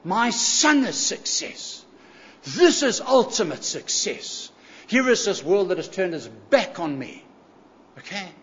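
A man's voice: high voice, big pitch swings, takes it slowly, a bit bright, exaggerated voice. A man preaching who puts on the voice of a stern God the Father, declaiming firmly. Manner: declaiming, firm. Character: God the Father, stern and proud of his son. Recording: echoey hall, slightly dull sound.

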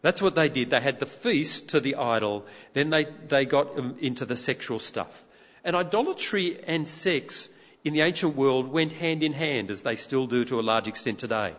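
A man preaching a sermon in a church, emphatic and expressive, firing off rhetorical questions at his congregation. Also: medium pitch, moderate pace. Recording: reverberant hall, dull lo-fi sound.

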